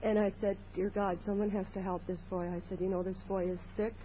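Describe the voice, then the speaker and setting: A woman's voice: medium pitch, flat delivery, brisk. A woman tells her story at a recovery meeting, earnest and plain in her telling. The recording is muffled, with a faint hiss from an old 1980s tape. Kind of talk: personal sharing at a meeting.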